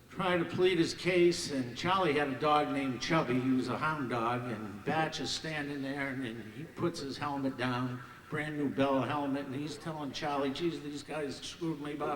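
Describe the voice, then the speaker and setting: A man's voice: mid-range voice, a little hiss or hum. Older man spinning stories in a hall. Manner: lively, acts out the voices of others. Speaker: hall of fame ceremony speaker. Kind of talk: anecdotal after-dinner storytelling. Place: banquet hall stage. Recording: echoey hall from far off.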